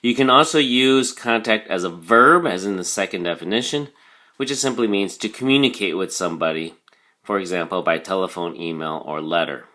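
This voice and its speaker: A man's voice: low voice, fairly quick, pushed and bright. A man teaching a recorded vocabulary lesson, explaining patiently with frequent ums and "okay?" check-ins.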